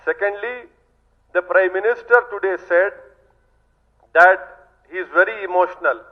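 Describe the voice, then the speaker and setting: A man's voice: high voice, moderate pace, narrow, tinny audio. A man with an Indian accent, a politician giving an emphatic statement to the press with repeated rhetorical appeals.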